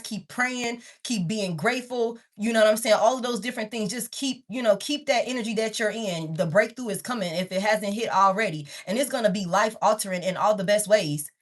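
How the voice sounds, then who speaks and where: Talking at a slightly fast clip with hardly any pauses, this woman's voice sits a little high. She's doing an informal tarot reading, speaking straight to viewers, calling them "baby" and "y'all," and cursing freely as she rambles openly.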